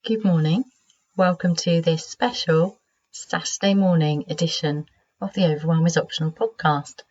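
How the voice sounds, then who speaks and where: Croaky, sleepy British woman hosting. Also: deep voice, moderate pace. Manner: gentle, conversational, with restarts. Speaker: podcast host. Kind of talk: solo podcast monologue. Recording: slightly dull lo-fi sound.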